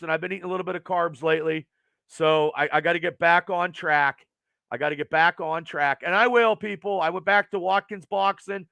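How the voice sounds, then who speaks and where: Man, early 50s, podcast host, profane rambling rant, bright tense voice. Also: high voice, gravelly, no room sound. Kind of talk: casual ranting podcast chat.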